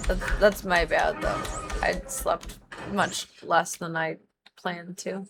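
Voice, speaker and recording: A woman's voice: on the low side, fairly even intonation, slow pace, vocal fry, music in the background. A young woman livestreaming a video game, rambling casually and adding playful silly noises between her asides. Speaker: streamer. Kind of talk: casual gaming livestream chat.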